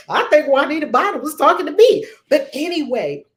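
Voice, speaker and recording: A woman's voice: high-pitched, very animated, a little fast, few pauses. A woman spiritual teacher speaking emphatically and preaching, full of rhetorical questions.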